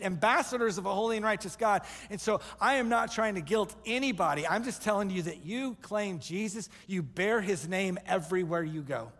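A man preaching a sermon to his congregation, emphatic, with quick joking asides to the room. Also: sits high, fairly bright tone. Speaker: pastor. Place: church sanctuary. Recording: live church hall reverb.

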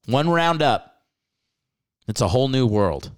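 Lively, resonant-voiced comedic podcast host man. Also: medium pitch, measured pace, clear, resonant tone. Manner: animated, swears freely, laughs often. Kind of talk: casual comedic sports rant.

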